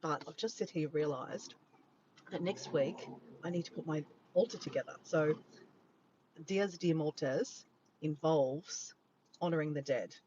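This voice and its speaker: A man's voice: on the high side, measured pace, long pauses, a little mellow, dull audio, a little hiss or hum. Chatty Australian man vlogging from his car. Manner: chatty, rambling, easily sidetracked. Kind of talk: casual livestream chat. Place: parked car by the beach, early morning. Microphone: handheld phone camera.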